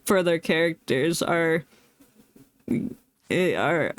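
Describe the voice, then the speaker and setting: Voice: mid-range voice, animated, takes it slowly, no room sound. A streamer with a Northeastern American accent, raised partly in the South, chatting casually and laughing often while reading game text aloud. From United States, South and Northeast. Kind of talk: casual let's-play chat.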